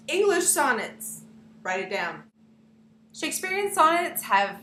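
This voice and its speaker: A woman's voice: sits high, sing-song, a little slow, pushed and bright. A young woman, teaching a lesson to her students in a playful way and speaking to them directly. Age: young adult. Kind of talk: classroom lesson narration. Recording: echoey room with faint hiss.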